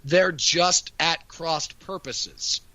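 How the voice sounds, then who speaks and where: On a podcast, a male co-host animatedly recaps a TV episode in casual review chat, acting out lines of dialogue. His voice is on the high side, bright and forceful, with drawn-out words; the recording is rough but has no room sound.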